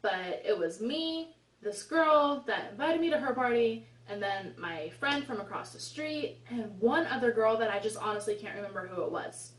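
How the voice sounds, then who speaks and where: A woman's voice: a little high, lively intonation, moderate pace, hardly any pauses. Twenties woman, casual storyteller with exasperated asides, recorded at a distance in a roomy space. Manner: chatty, rambling, exasperated asides. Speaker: vlogger. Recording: echoey room, mic at a distance.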